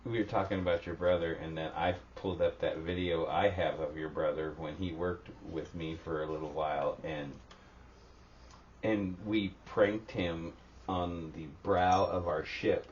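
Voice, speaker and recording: A very low-voiced man chats on a casual podcast, jokey and quick to jump in with mock quotes. He is heard from a distance over a dull line with faint background hiss. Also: steady tone. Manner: jokey, chimes in with loud put-on quotes. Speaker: podcast co-host. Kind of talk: casual chat.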